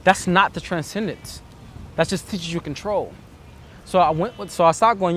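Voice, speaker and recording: A dating coach with a slightly high, fairly bright voice speaks fairly quickly over a little hiss or hum. In this earnest, reflective instructional monologue, he performs the inner self-talk he's explaining.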